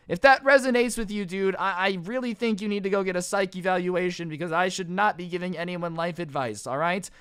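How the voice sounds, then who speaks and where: A man's voice: high voice, a little fast, hardly any pauses, fairly bright tone, smooth, dry recording, studio quality. A young man telling a comedic storytime about customer service jobs in a sarcastic, exasperated rant. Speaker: storytime vlogger.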